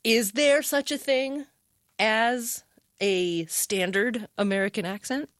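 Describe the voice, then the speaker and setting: A woman's voice: on the high side, takes it slowly, fairly bright tone, no echo, studio quality. A woman from Oregon hosting an interview, conversational and thoughtful. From Oregon, US West. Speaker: radio host.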